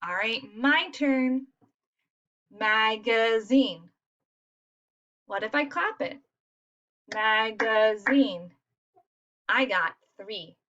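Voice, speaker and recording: Lively woman teaching young children. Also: fairly high pitch, a little slow, hardly any pauses. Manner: lively, encouraging classroom voice. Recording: dull lo-fi recording.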